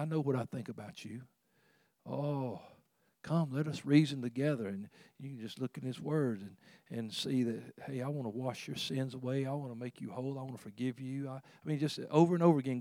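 Male preacher, easygoing conversational sermon, swells and softens, dry close mic. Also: medium pitch, no room sound. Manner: folksy, conversational preaching with chuckles; swells louder for emphasis, drops soft for tender points.

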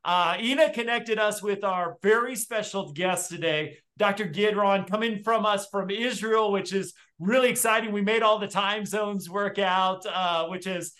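A man's voice: sits high, moderate pace, few pauses, pushed and bright. A man hosting a podcast, introducing a guest in a friendly way with many fillers. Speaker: podcast host. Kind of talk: casual interview hosting.

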